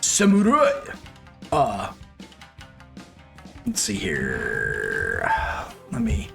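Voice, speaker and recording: A man's voice: deep voice, huge pitch swings, extremely slow, vocal fry, fairly bright tone. A man running a tabletop game as game master, narrating in a rambling way full of "like" and "you know", over faint background music.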